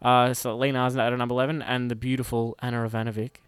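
A man's voice: mid-range voice, little pitch movement, fast talker, smooth, dry recording. Young Australian male co-host, chatty and joking, clean, close, dry mic. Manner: chatty, jokey, plays up the banter. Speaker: sports radio co-host. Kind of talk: casual sports chat.

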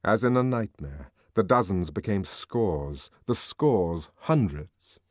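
Lively low-voiced male audiobook narrator. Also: slow pace, no room sound, studio quality. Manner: expressive, dramatic reading.

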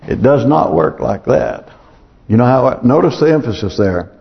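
In a church sanctuary, a male pastor delivers a sermon at normal speed, animated and marked by vocal fry at a medium pitch. He pleads earnestly and repeats phrases to drive points home. Long hall reverb and a dull tone color the recording.

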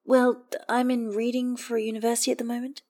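A woman voicing a shy young woman with a sweet, quiet voice, reading fan fiction aloud. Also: on the high side, level tone, fast, voice pushed up, close to an everyday voice. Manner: soft, gentle, quiet.

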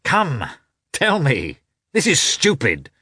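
A man's voice: medium pitch, expressive, normal speed, fairly bright tone, dry recording, studio quality, pitched above the performer's own voice. A man doing a curt impatient officer. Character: brisk, reserved male cavalry officer.

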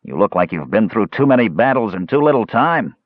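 A man reading an audiobook, voicing a testy, drunken young male dwarf who talks gruffly and curtly, on a dull, muffled recording. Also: on the low side, very animated, brisk, no room sound. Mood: grumpy. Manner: gruff, irritable, curt.

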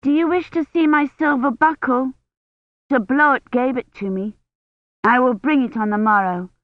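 A woman reading an audiobook voices an eager, bossy little noble girl in a high childlike tone. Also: normal speed, dry recording, natural voice. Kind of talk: audiobook character voice. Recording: tinny phone-like sound, dry.

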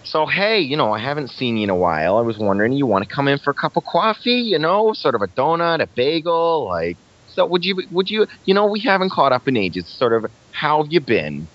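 A man's voice: a little high, sing-song, brisk, few pauses, no room sound, pitched above the performer's own voice. A man doing a chatty Staten Island grandma. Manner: friendly, rambling invitation. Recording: lo-fi muffled recording.

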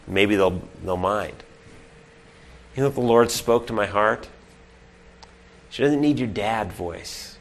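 A male pastor with a lowish voice delivers an earnest sermon. He asks his listeners direct questions and moves between loud, emphatic points and hushed lines that are nearly whispered.

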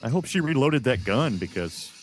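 A man's voice: mid-range voice, very animated, faint music behind. Man with dry wisecracks. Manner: dry wisecracks and quick reactions. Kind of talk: casual movie-watching commentary.

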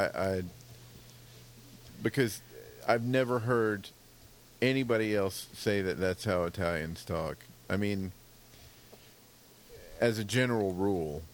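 A man co-hosting a podcast, making his case in a thoughtful, measured way in casual chat. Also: deep voice, slight background noise. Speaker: podcast co-host.

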